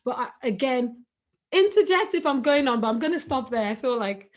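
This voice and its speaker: Woman guest speaker, 30s, lively webinar talk over video call, slightly higher voice, acts out voices. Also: normal speed. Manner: animated, acts out quoted voices.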